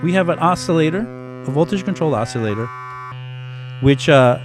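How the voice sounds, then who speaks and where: A man teaching music production in a relaxed, casual demonstration, thinking aloud with frequent restarts. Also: fairly high pitch, normal speed. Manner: reads chat comments aloud. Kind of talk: casual live-stream demonstration. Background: synthesizer tones.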